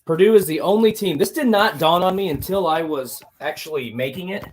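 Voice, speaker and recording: A man's voice: fairly high pitch, fairly quick, a little hiss or hum. A man co-hosting a sports radio show, chatty and joking as he goes through results. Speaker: radio co-host. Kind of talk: casual sports radio chat.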